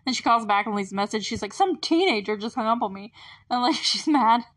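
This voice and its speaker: A woman's voice: a little high, animated, a little fast, fairly bright tone. A woman hosting a podcast, recapping a TV episode in a casual, chatty way with lots of fillers and frequent laughs between remarks. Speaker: podcast host.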